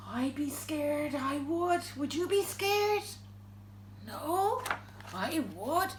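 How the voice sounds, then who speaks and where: A woman reads a picture book aloud to her children in a high, bright voice. She is animated, gasping and stopping to ask them questions, and her pitch swings widely at an unhurried pace. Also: echoey room, a little hiss or hum. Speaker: parent reading to her boys.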